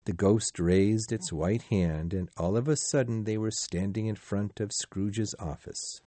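A man reading a storybook aloud in a slow, measured, expressive way. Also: lowish voice, no echo. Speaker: narrator.

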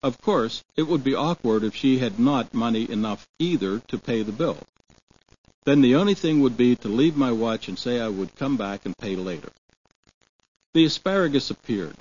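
Husky man reading a story slowly. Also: medium pitch, animated, darkish tone. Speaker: narrator and vocabulary reader. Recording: dull lo-fi recording.

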